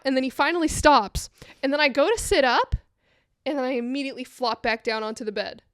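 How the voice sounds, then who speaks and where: A woman co-hosting a casual podcast, telling a personal story in an animated way and acting out the voices in it. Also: high voice, a little fast, no echo, clean studio sound. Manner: animated, acts out voices in her stories. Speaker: co-host.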